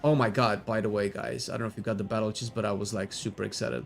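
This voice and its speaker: A man chatting casually as a gaming streamer, rambling and excitable, swearing loosely and breaking into sudden shouts. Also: on the low side, fast talker, vocal fry, few pauses, faint music behind.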